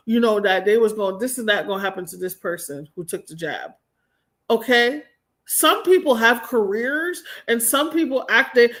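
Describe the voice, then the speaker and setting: A woman's voice: fairly high pitch, fairly bright tone. A woman hosting a livestream, ranting in a blunt, profane, exasperated way. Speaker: livestream host. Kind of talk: casual ranting commentary.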